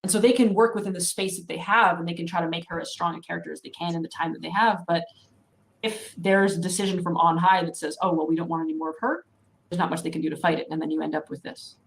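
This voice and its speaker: A woman's voice: lowish voice, fairly even intonation, quick pace, rough recording. A woman on a panel discussion who talks thoughtfully and reasons step by step, with frequent "you know"s.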